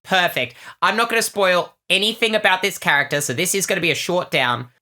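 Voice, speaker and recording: Bright-voiced joking woman podcaster. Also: fairly low pitch. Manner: animated, joking, quick asides. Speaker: podcast co-host. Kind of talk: casual comic chat.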